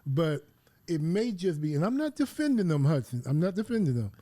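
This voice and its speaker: A man's voice: on the high side, big pitch swings, fairly quick, dark tone, dry recording. A man co-hosting a podcast, talking in a casual discussion and arguing his point firmly. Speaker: podcast co-host.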